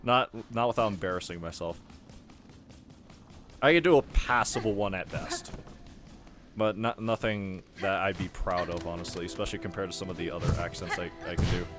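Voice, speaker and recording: A man's voice: low-pitched, a little fast. A young man rambling casually while he plays a game and answers chat, chuckling often. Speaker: gaming streamer. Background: game music.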